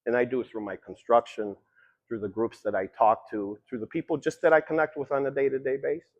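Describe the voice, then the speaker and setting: A man's voice: medium pitch, fairly even intonation, a little fast, highs cut off. A man giving a long-winded, conversational motivational talk about addiction, swearing casually as he tells stories. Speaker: speaker.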